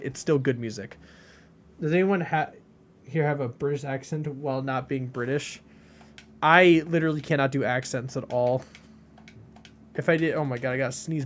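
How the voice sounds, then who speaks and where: A man's voice: on the high side, normal speed, pauses often. A man streaming a game and chatting with his viewers in a rambling, casual way, full of filler words. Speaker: game streamer reading chat. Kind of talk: casual chat while playing.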